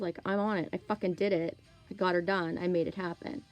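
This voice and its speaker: A woman's voice: on the low side, little pitch movement, fairly quick, rough recording. A woman, talking to camera in a candid, rambling, profane monologue, with faint music behind her. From Canada. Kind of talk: casual monologue.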